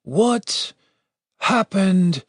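A man voicing a crude, impatient wounded guard who shouts and moans in strained tones. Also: animated, very slow, dry recording, clean studio sound, heavily acted. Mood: pained. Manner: shrill, strained shouting and moaning.

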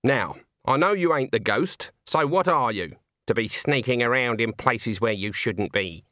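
A man's voice: medium pitch, expressive, measured pace, fairly bright tone, no echo, studio quality. A man reading aloud voices an old female witch who talks in a stern, clipped, commanding way.

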